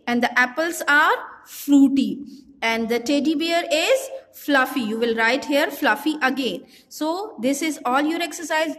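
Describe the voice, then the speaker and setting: A woman's voice: high voice, a bit bright. Woman primary teacher, patient and explanatory, recorded with a long reverb tail. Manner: slow, explanatory, mixes Hindi into English. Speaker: primary school English teacher. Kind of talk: recorded online class lesson.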